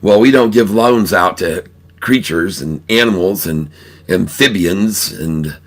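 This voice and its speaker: A man's voice: sits low, measured pace. A man voicing a skeptical female bank loan officer who politely but firmly turns down a request, in a told joke. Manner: doubtful, polite but firm.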